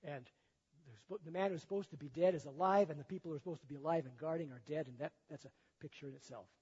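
Preaching a sermon, this older man retells a Bible story in a folksy, chatty manner, frequently laughing at his own comments. His voice sits a little high, with a darkish tone and a breathy edge, and he talks quickly. The sound is lo-fi and dull, captured in an echoey hall.

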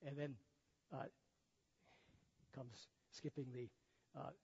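Older male preacher, husky, echoey hall. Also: mid-range voice, steady tone, slow, a little mellow. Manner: folksy, chuckling, conversational teaching. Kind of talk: sermon with Bible reading. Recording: echoey hall, dull lo-fi sound.

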